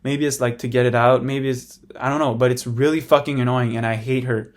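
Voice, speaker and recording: A man's voice: medium pitch, steady tone, fairly quick. Rambling young man talking to camera. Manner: rambling, frank, full of fillers. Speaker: vlogger. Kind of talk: casual personal monologue.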